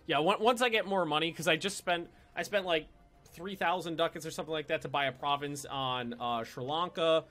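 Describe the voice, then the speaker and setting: Over soft background music, a man streams a strategy game and talks briskly in a bright, pushed voice on the high side. This let's-play streamer chats playfully, swearing and repeating himself while he thinks things through.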